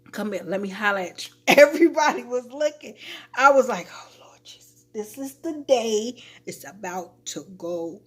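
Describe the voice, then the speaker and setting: Animated woman telling a story. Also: a little high. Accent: Chicago. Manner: animated, acts out quotes, laughs often. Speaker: live streamer. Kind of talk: casual storytelling to stream viewers.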